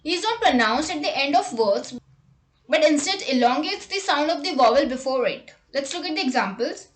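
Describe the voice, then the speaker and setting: A woman reading a scripted English vocabulary lesson, saying example words and sentences slowly and deliberately. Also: high voice, animated, echoey room. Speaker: English teacher.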